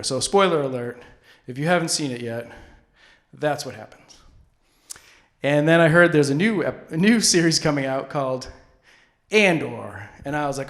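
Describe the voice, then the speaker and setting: A man's voice: on the high side, normal speed. A man hosting a public access comedy show, delivering a rambling, goofy monologue full of restarts. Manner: rambling, self-interrupting, goofy.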